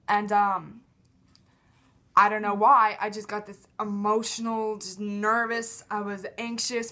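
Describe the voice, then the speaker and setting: A woman's voice: on the high side, pushed and bright. Rambling emotional woman vlogging. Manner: rambling, emotional, self-critical. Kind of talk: casual confessional vlog.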